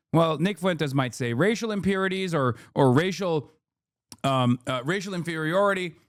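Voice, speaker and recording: A man's voice: fairly high pitch, dry recording, clean studio sound. A man in his thirties giving heated, profane commentary as a streamer reacting to a debate clip. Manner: heated, profane, rapid restarts. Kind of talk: casual livestream commentary.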